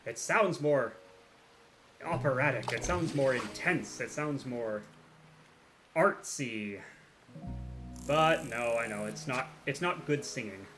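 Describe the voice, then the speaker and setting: Brief: male baritone, casual self-deprecating gamer chatter, mid pitch, music bed under it. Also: expressive, slow, pauses often. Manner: rambling, self-deprecating, playful. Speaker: livestream game player. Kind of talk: casual chat while gaming.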